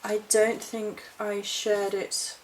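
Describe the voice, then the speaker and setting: A woman's voice: mid-range voice, little pitch movement, slow pace, a little hiss or hum, poor audio. A woman chatting casually through a haul vlog, rambling and correcting herself as she goes. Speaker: witchcraft vlogger.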